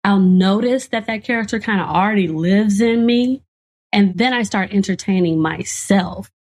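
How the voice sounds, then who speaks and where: Casting note: woman comedian, 30s, mid-pitched, laughs a lot, animated storyteller. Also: moderate pace. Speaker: comedian and actor guest. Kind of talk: casual podcast conversation.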